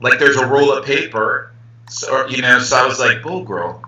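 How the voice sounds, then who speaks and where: Man, english teacher, playful, hesitant, very bright tone, echoey room, distant muffled call audio. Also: mid-range voice, little pitch movement, normal speed. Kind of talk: live-streamed lesson chat.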